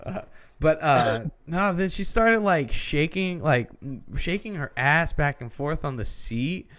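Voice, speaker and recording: A man's voice: a little high, lively intonation, measured pace, a bit bright. Rambling, foul-mouthed podcast guy. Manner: rambling, swears often, many restarts. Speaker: podcast co-host. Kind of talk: casual profane storytelling.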